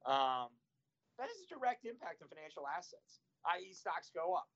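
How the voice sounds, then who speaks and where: A man who manages investments, talking about markets in an animated, exasperated way. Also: a little high, normal speed, dull audio. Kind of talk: casual finance chat.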